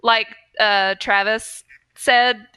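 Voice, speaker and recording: A woman's voice: fairly high pitch, steady tone, drawn-out words, sharp tone, smooth, no room sound. A young woman co-hosting a casual podcast chat, chatty and fannish, laughing often. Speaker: podcast co-host.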